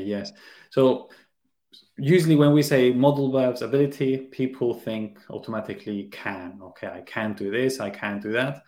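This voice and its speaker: In a warm, mid-range voice, an English teacher who hosts a podcast leads a relaxed teaching chat. He laughs readily and illustrates his points with examples, and the room's echo is noticeable in the recording.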